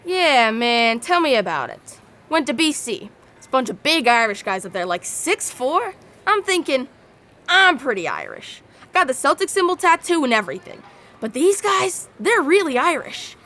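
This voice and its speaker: A woman's voice: high-pitched, moderate pace, full character voice. A woman performing a theatrical monologue as a rowdy young adult, telling crude bar stories. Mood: brash. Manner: animated, brash storytelling with crude asides. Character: rowdy young adult bragging about wild bar nights.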